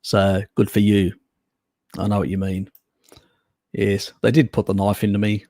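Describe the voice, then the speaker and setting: A man's voice: lowish voice, flat delivery, measured pace, dark tone, no room sound. An Australian man hosting a live stream, chatting casually and rambling, swearing now and then as he answers viewers. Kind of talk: casual chat reading viewer comments.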